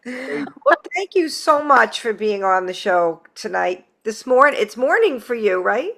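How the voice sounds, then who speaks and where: A woman with a New York accent from Long Island hosting a podcast interview, chatty and quick to laugh. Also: fairly high pitch, sing-song, vocal fry, a bit bright. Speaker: podcast host. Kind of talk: casual interview chat.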